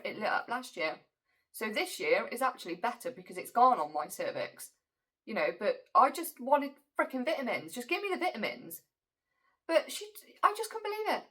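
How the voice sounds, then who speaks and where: A young woman tells a personal story straight to camera in a vlog. She talks in an emotional, animated way and acts out what other people said. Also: on the high side. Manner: emotional, animated retelling with quoted dialogue. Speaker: vlogger.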